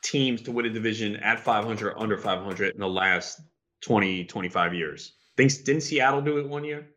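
A man in casual podcast chat, animated and argumentative. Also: lowish voice, moderate pace.

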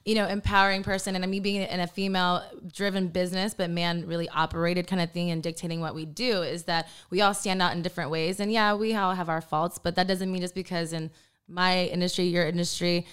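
A woman hosting a podcast in casual chat, upbeat and quick to laugh. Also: fairly low pitch, steady tone, smooth. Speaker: podcast host.

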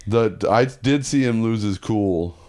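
A man with a fairly low voice tells a personal story as a podcast guest. His talk is loose and profane, full of restarts and asides as he circles through the details. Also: unhurried, a little mellow. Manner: profane, rambling anecdote with restarts. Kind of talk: casual storytelling.

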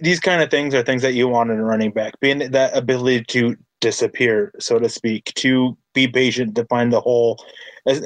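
A man with a mid-range voice hosts a casual sports podcast. He speaks with enthusiasm and stacks repeated phrases as his excitement rises. The sound is dry and close. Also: mid-range voice, no echo. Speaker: podcast host.

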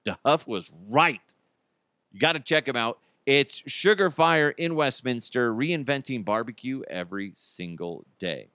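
A man's voice: medium pitch, expressive, a little slow, pushed and bright, no echo. A man hosting a podcast in casual solo chat, rambling and joking with lots of filler words. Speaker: podcast host.

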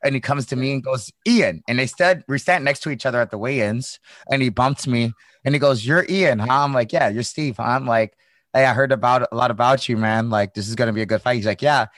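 A man's voice: medium pitch, brisk, fairly bright tone, dry recording. A young man from the Midwest, a former fighter hosting a casual chat, rambling through stories with swearing and laughter. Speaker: podcast host, former fighter.

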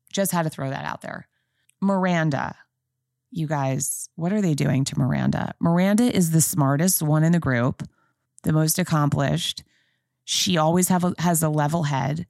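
A woman in her forties hosts a podcast, doing a casual chat recap and speaking straight to her listeners in a gushing, chatty, emphatic way. Her voice is low, and the studio-quality recording has no room sound.

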